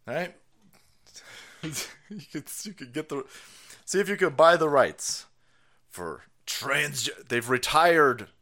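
A man's voice: on the high side, a bit bright. A man hosting a livestream with crude, joking commentary, laughing often between remarks. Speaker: stream host.

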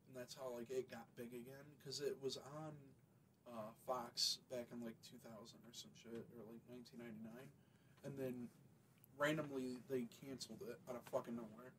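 Young guy cohosting a podcast, bright voice, rambles a lot, swears constantly. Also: medium pitch, level tone, moderate pace, slight background noise, rough recording. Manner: rambling, heavy swearing, lots of fillers. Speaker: podcast co-host. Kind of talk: casual chat.

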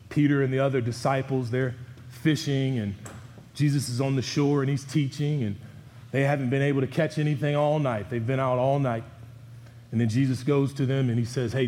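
A fairly high-voiced male pastor preaches with emphatic rises and low drops on his key words. His sermon rings out with a long reverb from the church hall around him. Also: darkish tone. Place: church sanctuary.

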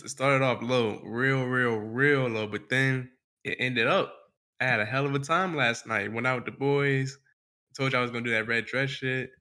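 A man's voice: medium pitch, bright, forceful tone. A man co-hosting a podcast, telling a story in laid-back casual chat, full of slang and swearing. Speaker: podcast co-host.

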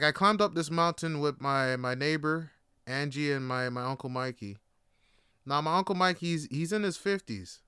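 A man's voice: sits high, pushed and bright, clean tone, no room sound, studio quality. A man hosting a podcast, telling stories casually and animatedly, swearing freely and repeating words as he goes. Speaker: podcast host. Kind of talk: casual storytelling.

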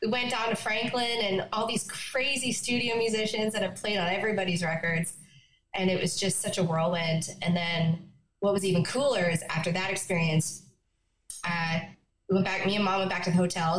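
Animated woman from Newfoundland, echoey room. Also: fairly low pitch. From Newfoundland, Canada. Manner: animated, laughing, quick asides. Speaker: guest, country singer-songwriter. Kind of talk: casual interview storytelling. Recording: echoey room, faint noise.

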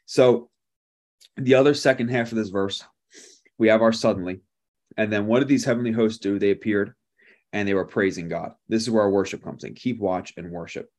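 A male pastor preaching a sermon, telling a lively story and acting out the people in it with laughter. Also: on the low side.

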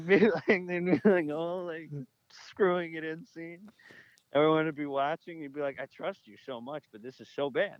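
A man co-hosting a podcast, telling stories in an animated, excitable way and laughing often. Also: a little high, moderate pace, no echo, highs cut off. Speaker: podcast co-host. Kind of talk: casual chat.

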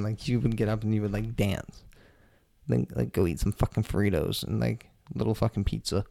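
A man's voice: on the low side, creaky, darkish tone, no room sound, studio quality. A young man hosting his own podcast, telling loose, profane, jokey stories in a casual rambling monologue. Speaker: podcast host.

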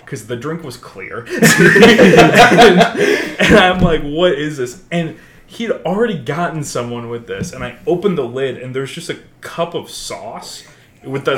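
A man's voice: medium pitch, fairly bright tone, echoey room. A young man casually recounting a prank at work. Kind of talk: casual chat.

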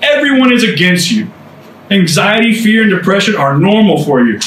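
A man's voice: high-pitched, very animated, moderate pace, a bit bright, slight background noise, voice pushed up. A man putting on a sneering inner accuser. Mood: taunting. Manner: sneering, hammering out insults. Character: taunting inner voice of a man's old self. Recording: roomy, distant mic.

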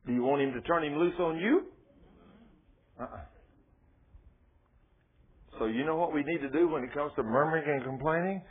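Folksy preacher on tinny radio. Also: male voice, fairly high pitch, moderate pace, long pauses, husky. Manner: folksy and emphatic, with rhetorical questions. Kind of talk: sermon. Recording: tinny phone-like radio broadcast.

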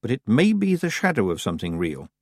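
A man doing a girl's calm inner voice. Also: medium pitch, fast, no room sound, studio quality. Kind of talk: audiobook character voice.

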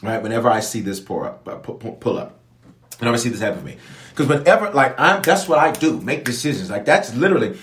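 A man, a bishop, preaching online about grief, listing symptoms one by one and acting out everyday scenes in a lively, conversational way. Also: mid-range voice, quick pace, echoey room. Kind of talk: online sermon teaching on grief.

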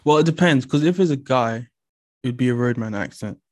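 A woman's voice: rumbling low, lively intonation, fairly quick, a little mellow. A woman from London with a London accent, a guest chatting casually and teasing with dry humor. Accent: London English. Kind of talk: casual chat.

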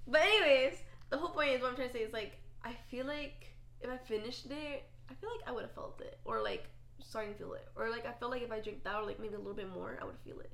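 A woman's voice: fairly high pitch, quick pace, a bit bright, a little hiss or hum. A young woman co-hosting a casual chat podcast, rambling with lots of fillers. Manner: rambling, filler-heavy, many "like"s. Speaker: podcast co-host.

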